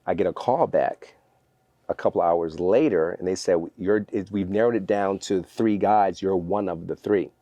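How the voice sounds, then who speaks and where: A man telling lively stories as a guest in a podcast interview, acting out what others said. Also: deep voice, normal speed, dry recording. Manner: energetic, animated storyteller acting out quotes. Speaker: guest, fitness trainer.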